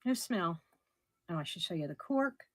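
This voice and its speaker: Hoarse chatty woman, low voice. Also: lively intonation, normal speed, dry recording. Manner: chatty, describes items warmly with soft laughs. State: losing her voice. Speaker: live auction seller. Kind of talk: casual live-stream selling.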